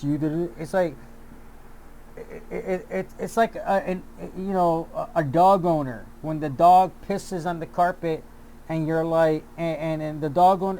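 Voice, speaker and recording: A YouTube commentator delivers an angry, profane rant in a high-pitched, slightly mellow voice. He often repeats himself and restarts sentences, with slight background noise behind him.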